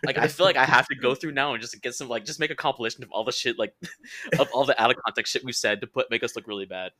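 A man's voice: mid-range voice, quick pace, sharp tone. A man co-hosting a comedy podcast, telling jokey stories with casual swearing. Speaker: podcast co-host.

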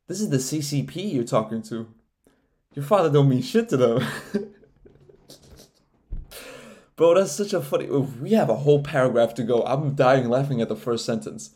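A man's voice: mid-range voice, moderate pace, pauses often. Profane, rambling young man podcasting. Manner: profane, rambling, laughs often, gets loud and animated when riled up. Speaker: podcast host. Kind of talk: casual solo podcast rant.

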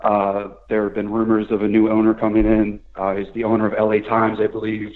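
A man's voice: on the low side, monotone, fairly quick. A man calling in as a guest on a phone line, hedging with fillers and repeating phrases. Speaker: guest, soccer site runner. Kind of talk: phone interview. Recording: tinny phone line, faint music.

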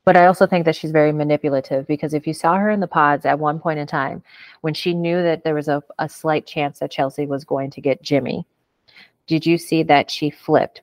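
A woman's voice: deep voice, dry recording. A woman hosting a casual reality-show recap chat, blunt and frank, swearing as she gives her opinions. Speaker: podcast host.

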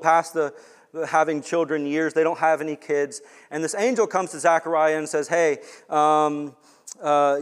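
A man preaching a sermon in animated fashion, swinging between hushed, quiet passages and loud, emphatic ones. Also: fairly high pitch. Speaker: pastor. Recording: long hall reverb.

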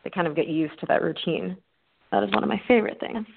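Friendly guest woman with a lowish, gravelly voice who laughs often, heard over a phone line. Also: fast, a little hiss or hum. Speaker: guest speech therapist. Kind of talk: casual interview answers.

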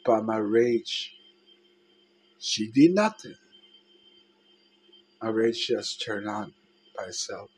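A man telling a personal story in a halting, emotional way, with many restarts and trailing phrases. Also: lowish voice, expressive, husky, rough recording.

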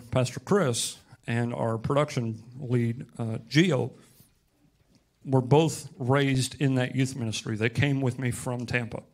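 Impassioned male pastor preaching. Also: mid-range voice. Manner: impassioned, rising to loud emphatic peaks. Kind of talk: sermon.

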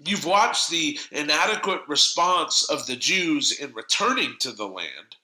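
A man delivers an earnest, emphatic sermon in a very bright, slightly high voice. The sound carries a roomy echo around him. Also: sing-song, measured pace. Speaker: preacher.

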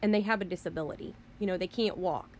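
A woman's voice: on the low side, fast talker, darkish tone, slight background noise. A woman telling a story on her vlog as an angry, rambling rant, often saying "you know" and "I mean" and cursing in exasperation. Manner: swears in exasperation. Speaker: vlogger.

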